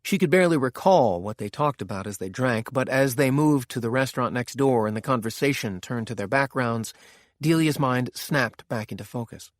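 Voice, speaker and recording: A man reading a thriller audiobook in a steady, measured narration. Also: medium pitch, dry recording, clean studio sound.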